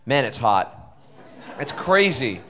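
A man telling animated, self-deprecating stories on a convention panel, speaking into a handheld mic on stage. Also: medium pitch. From Canada. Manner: animated, self-deprecating, quick to act out voices. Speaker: guest actor on a convention panel. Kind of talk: anecdotal storytelling to a live audience.

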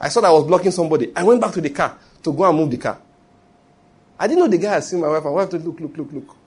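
A middle-aged man with a Nigerian accent, preaching a sermon and telling lively stories with acted quotes. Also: on the high side, very fast, slightly rough. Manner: animated storytelling preaching with acted quotes and pidgin asides. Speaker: pastor.

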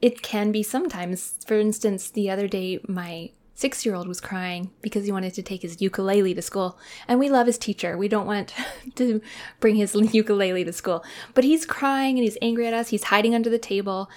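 A woman in her thirties hosting a casual podcast monologue, earnest and reflective, often dropping into a soft whisper. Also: medium pitch, moderate pace. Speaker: podcast host.

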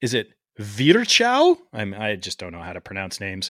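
A man's voice: lowish voice, huge pitch swings, normal speed, sharp tone, no echo. A man from Canada hosts a medical podcast in a teasing, jokey way. His voice rises and falls a lot as he talks. The sound is dry and close. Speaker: podcast host. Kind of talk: casual chat.

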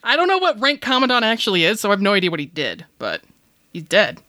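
Bright enthusiastic woman player. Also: medium pitch, wildly swooping pitch, fast talker, no room sound, studio quality. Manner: enthusiastic, chatty, laughing. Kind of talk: casual tabletop role-play chat.

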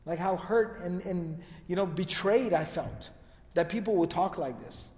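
A man tells history as a lecture in a high, earnest voice and hammers his points home by repeating phrases. He rattles off recited passages quickly, then translates them. A long reverb trails his words, as if he is in a large hall. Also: darkish tone. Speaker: Islamic history teacher.

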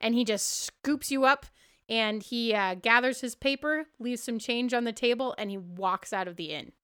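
A woman's voice: fairly high pitch, moderate pace, a bit bright, clean tone. A woman hosting a tabletop role-play podcast as game master, chatty and laughing often as she narrates the scene.

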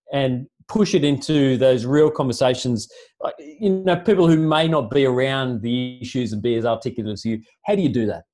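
A man's voice: mid-range voice, a little mellow. A male podcast host asking long, hesitant questions in a self-deprecating, casual way. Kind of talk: casual interview chat.

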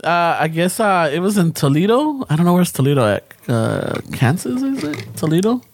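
A man's voice: fairly high pitch, sing-song, moderate pace, a little hiss or hum. A young man, telling stories in casual podcast chat, swearing a lot and dropping Spanish slang. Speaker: podcast co-host.

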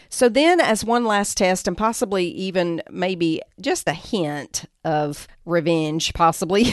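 A woman's voice: lowish voice, no echo, clean studio sound. A woman podcast host retelling a Bible story in a conversational teaching style, reading quoted lines and adding asides.

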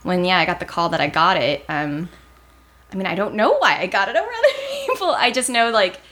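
A woman's voice: fairly low pitch, a little fast. A young woman, a TV writer, chatting in an interview and acting out the people in her stories. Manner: animated, acts out quotes in a raised voice. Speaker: TV writer guest. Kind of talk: casual interview storytelling.

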